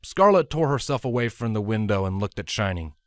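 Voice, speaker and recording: A man narrating a fan story in an expressive storytelling manner. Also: fairly low pitch, a little fast, no room sound. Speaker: fanfiction reader. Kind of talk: audiobook narration.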